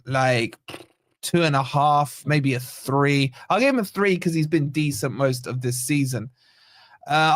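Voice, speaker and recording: A man with a fairly high voice hosts a fan channel's post-match football reaction livestream, rambling through player ratings in an exasperated, sarcastic way. The recording is dry and close, with no sense of a room.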